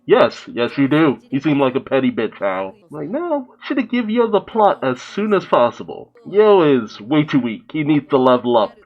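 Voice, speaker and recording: Guy doing an anime reaction, swears a lot, pitch jumps all over, kinda dull lo-fi sound. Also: normal speed, hardly any pauses. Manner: animated, profane, laughs often, mock-quotes characters. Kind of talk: casual reaction commentary.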